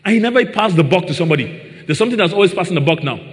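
Preacher with a ringing hall echo. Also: male voice, high voice, lively intonation, very fast. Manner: rhetorical questions to the congregation. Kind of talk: sermon. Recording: long reverb in a large hall.

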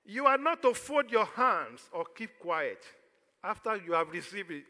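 A man's voice: sits high, big pitch swings, measured pace, sharp tone, in a large hall. A man with a Nigerian accent preaching a sermon as pastor, throwing questions out to the congregation for them to answer.

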